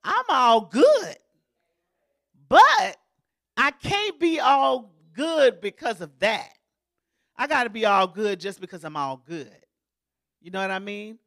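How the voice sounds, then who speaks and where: A woman's voice: on the high side, sing-song, slow pace, gravelly, pauses often, fairly bright tone. A woman pastor giving a sermon in a folksy, joking, conversational way, as if in a church.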